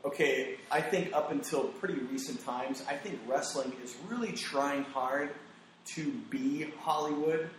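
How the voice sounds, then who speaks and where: A man hosting a casual podcast chat, giving animated, opinionated takes with quoted asides. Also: a little high, measured pace, slight background noise. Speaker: podcast host. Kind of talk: casual conversational podcast talk. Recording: very echoey room.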